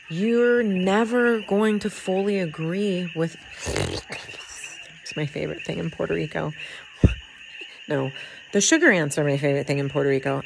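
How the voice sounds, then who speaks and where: A woman's voice: lowish voice, a little hiss or hum, poor audio. A woman vlogging to the camera in an earnest, rambling way, laughing often as she talks through her feelings. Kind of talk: heartfelt personal talk to camera. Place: in Puerto Rico.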